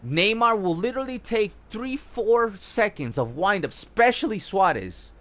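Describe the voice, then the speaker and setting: Young guy with a high voice hyped up explaining game moves as he plays, swears a bit. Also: moderate pace. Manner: excited, profane, demonstrating moves as he plays. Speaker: gaming YouTuber. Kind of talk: casual gameplay tutorial commentary.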